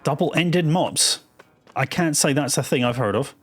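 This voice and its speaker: A man from East London streaming a game, giving wry, mock-teaching commentary. His voice sits a touch high, with faint game music behind him. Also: measured pace, breathy edge. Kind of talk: joking gameplay commentary.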